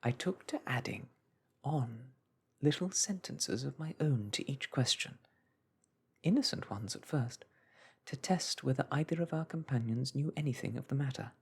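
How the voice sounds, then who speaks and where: A man reading a classic story aloud in a hushed, soothing whisper, as a calm storyteller. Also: medium pitch, moderate pace, gravelly, slightly rough.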